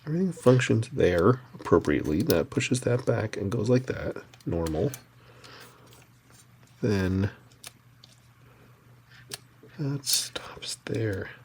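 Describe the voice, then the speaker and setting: A man's voice: on the low side, very animated, slow pace, pauses often, darkish tone, a little hiss or hum. A man casually thinking aloud as he tinkers with a machine, muttering and rambling to himself, recorded through a webcam microphone. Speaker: streamer tinkering with a VCR.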